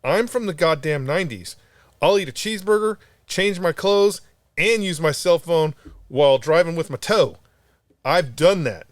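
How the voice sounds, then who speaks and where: A man's voice: fairly high pitch, moderate pace, dry recording, clean studio sound. A man telling a story on a casual podcast, rambling and swearing freely as he goes. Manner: rambling, profane, animated storyteller. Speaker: podcast co-host.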